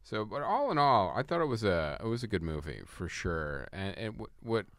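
A man's voice: lowish voice, very animated, normal speed, no echo. A man co-hosting a film review podcast in a studio, talking in an easygoing, conversational way. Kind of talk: casual chat.

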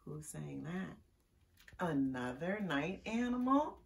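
A woman's voice: low voice, vocal fry, distant mic. A woman librarian reading a picture book aloud to young children, chatty and asking them questions. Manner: slow, lively and chatty with young listeners.

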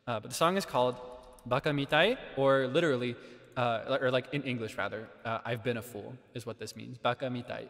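A man's voice: mid-range voice, fairly quick, gravelly, a bit bright. Chatty man with long reverb. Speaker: streamer. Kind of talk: casual karaoke stream chat.

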